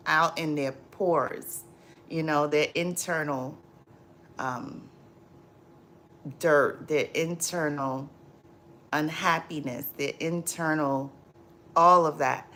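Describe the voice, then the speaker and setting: A woman hosting a livestream, chatting casually and reading out viewer comments, unhurried, trailing off with ums and repeated phrases. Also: low voice, fairly even intonation, a bit bright, slight background noise.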